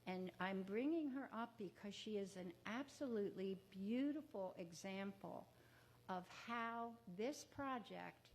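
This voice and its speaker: A woman hosting a memorial ceremony in a museum, speaking warmly and haltingly with fillers and self-corrections. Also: medium pitch, a little hiss or hum. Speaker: exhibition organizer and ceremony host. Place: museum event room.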